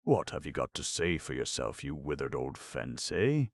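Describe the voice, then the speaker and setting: A man's voice: rumbling low, very animated, normal speed, gravelly, no echo, clean studio sound, heavily acted. A man voicing a surly, bitter male burglar who growls threats and demands. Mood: growling.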